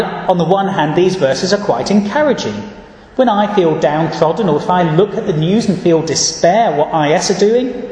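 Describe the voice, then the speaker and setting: A man giving an earnest, measured sermon and reading scripture verses aloud, recorded in a church. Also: high voice, darkish tone. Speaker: preacher. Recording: echoey church hall.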